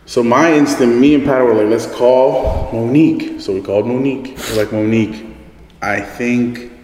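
A man's voice: mid-range voice, fairly even intonation, normal speed, a little mellow. A young man hosting a podcast, telling a story in a loose, rambling way, full of "like" and casual swearing. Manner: rambling, heavy use of "like" and swearing. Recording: echoey room with long reverb, faint noise.

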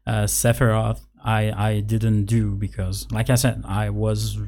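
A father chatting casually, halting often with fillers and restarts. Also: on the low side, level tone, a little mellow. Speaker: parent, podcast co-host. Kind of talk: casual chat.

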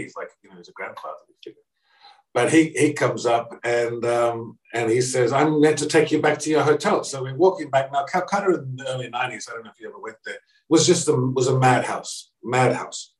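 A middle-aged man from Australia, telling a personal anecdote in an animated way and acting out the voices he quotes. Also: fairly quick. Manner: animated, acts out quoted voices with pitch jumps. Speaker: speaker. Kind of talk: anecdotal storytelling. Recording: echoey room, distant mic.

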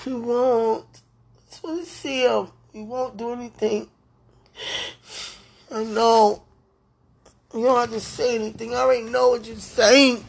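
A woman with a fairly high, husky, breathy voice speaks a prayer out loud. She talks slowly, pleading and tender, and circles back over the same phrases again and again. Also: fairly even intonation. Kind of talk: emotional spoken prayer.

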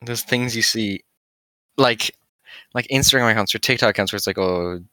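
Bright-voiced teenage boy, dry sound. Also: medium pitch, steady tone, fairly quick, dry recording. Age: teens. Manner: laughing, swears casually, filler-heavy. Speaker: podcast co-host. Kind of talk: casual chat.

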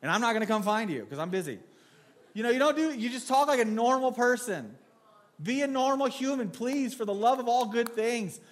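A man's voice: very high voice, lively intonation, a little fast. A man preaching a sermon in a church in a casual, joking storyteller's way, restarting his sentences often.

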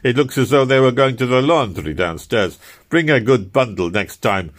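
A man's voice: medium pitch, expressive, moderate pace, voice pushed up, close to an everyday voice. A man voicing a fussy, unshaven male revolutionary organizer who scolds a newcomer. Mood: fussy scolding.

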